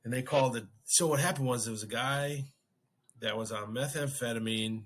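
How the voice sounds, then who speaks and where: A man's voice: medium pitch, a little fast, a bit bright, slight background noise. A man hosting a podcast, casually telling a story and acting out his own reactions. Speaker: podcast host.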